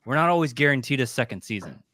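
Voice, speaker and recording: A man co-hosting a podcast, speaking in a halting way and searching for words. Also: mid-range voice, sing-song, pushed and bright, dry recording, studio quality. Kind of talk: casual live discussion.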